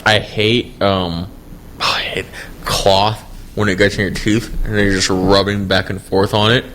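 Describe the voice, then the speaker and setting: Low-voiced man rambling in a podcast. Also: flat delivery, a little slow, fairly bright tone, slight background noise. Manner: rambling, profane, many restarts. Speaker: podcast co-host. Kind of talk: casual chat.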